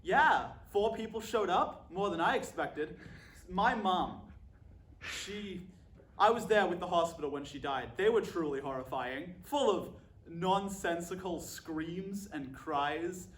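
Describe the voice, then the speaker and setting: A man delivering a scripted comic monologue in a dry, deadpan way. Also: sits high, slow, roomy sound.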